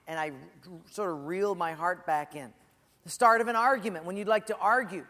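High-voiced pastor preaching in a hall. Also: male voice, a little fast, sharp tone. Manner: conversational, storytelling, with asides to the congregation. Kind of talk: sermon. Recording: echoey church hall.

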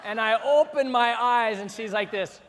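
High-voiced pastor telling a comic story. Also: male voice, normal speed, long reverb tail, slight background noise. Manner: animated, humorous storyteller acting out scenes. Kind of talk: storytelling sermon.

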